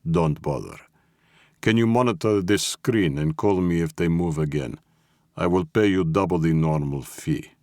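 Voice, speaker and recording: A man voicing a cool, businesslike male mob henchman who speaks flatly and deliberately. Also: sits low, no room sound, studio quality.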